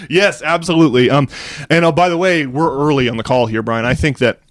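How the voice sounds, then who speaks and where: A man around forty co-hosting a podcast. He rambles and restarts when chatting, then reads an essay aloud slowly and with emphasis. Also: mid-range voice, no echo. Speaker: podcast co-host. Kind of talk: casual podcast chat and essay reading aloud.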